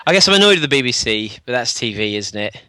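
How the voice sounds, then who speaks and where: A man on a podcast telling a story in casual chat, animated, acting out the dialogue and laughing often. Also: mid-range voice, quick pace, no echo.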